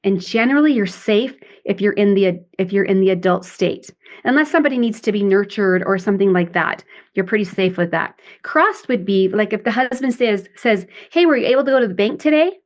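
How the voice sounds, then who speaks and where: A woman's voice: mid-range voice, brisk. A middle-aged woman and parent coach explaining things in a podcast interview, often acting out example dialogues.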